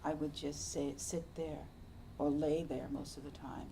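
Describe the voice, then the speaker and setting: A woman meditation teacher speaking in a low, gravelly voice during a dharma talk. She talks slowly and reflectively, often sinking into a soft, whispery hush. A faint room ambience sits behind her. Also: little pitch movement, background noise. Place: meditation center hall.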